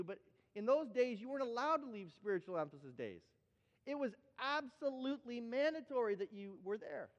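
A man preaching a sermon, telling stories with animated energy and often repeating words as he builds up. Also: high-pitched, long reverb tail, highs cut off. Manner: animated storytelling, repeats words when excited. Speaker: pastor.

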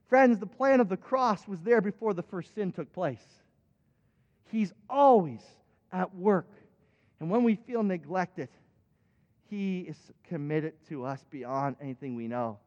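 High-voiced preacher man getting fired up, dull muffled recording, big echoey church. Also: animated, a little slow, a little mellow. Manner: impassioned, rising to emphatic peaks. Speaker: pastor. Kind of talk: sermon. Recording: dull recording with long hall reverb.

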